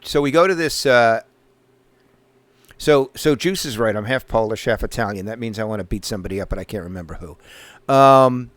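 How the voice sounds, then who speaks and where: A man's voice: medium pitch, fairly quick, fairly bright tone, no echo. A middle-aged man, telling rambling stories full of swearing on a casual podcast. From Northeastern US. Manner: swears constantly, loose rambling anecdotes. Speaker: podcast host. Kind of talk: casual profane storytelling.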